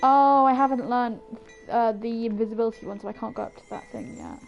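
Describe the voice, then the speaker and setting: A woman's voice: a little high, brisk, vocal fry, soft background music, low-quality recording. A woman streaming a game, chatting casually with viewers in rambling asides. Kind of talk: casual gameplay commentary.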